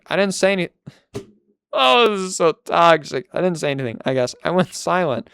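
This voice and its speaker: A man's voice: on the high side, expressive, normal speed, vocal fry, fairly bright tone, clean tone, dry recording, studio quality. A man commentating on a video, reading out chat logs and reacting with incredulous, laughing asides. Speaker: YouTube commentator.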